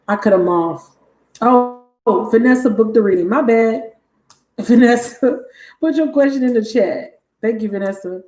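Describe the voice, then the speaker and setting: Hosting a live tarot reading stream, a woman tells a story in a casual, animated, blunt way, her voice a little high. She laughs often and swears freely, and the recording has a roomy echo.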